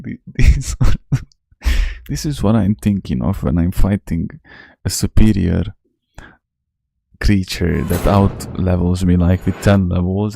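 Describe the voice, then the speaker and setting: A man's voice: low-pitched, vocal fry, no echo. A man hosting a casual let's-play, joking and talking to himself as he plays. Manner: joking, talks to himself while playing. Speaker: gaming channel host. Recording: game music playing loudly behind the voice. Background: game music.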